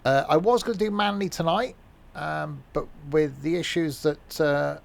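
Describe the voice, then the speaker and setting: Male streamer, gravelly, rambling casual game commentary, dry humour. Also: a little high, a little slow.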